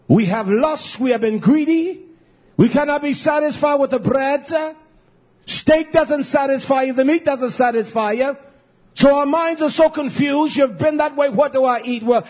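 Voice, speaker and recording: A pastor preaches a fiery sermon, swinging between shouted peaks and low murmured asides and using many "uh" fillers. His voice has a breathy edge, and the recording's highs are cut off.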